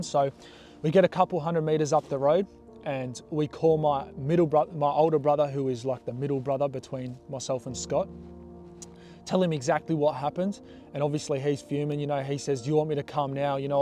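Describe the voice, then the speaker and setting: A young man telling a story from his past in a casual, animated way, blunt and swearing freely. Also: on the high side, fairly quick, soft background music. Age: young adult.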